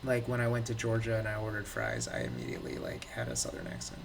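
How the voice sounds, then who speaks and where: A man's voice: fairly low pitch, sing-song, fast, vocal fry. A man in casual podcast chat, explaining things in a loose, lecturing way full of "like" and "um". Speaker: podcast co-host. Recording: distant mic with faint background noise.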